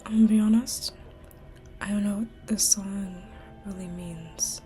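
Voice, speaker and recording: A woman's voice: medium pitch, steady tone, a little slow, mellow, faint music behind. A tired young woman vlogging in a casual, rambling way, often dropping to a whisper between fillers. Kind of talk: casual confessional chat.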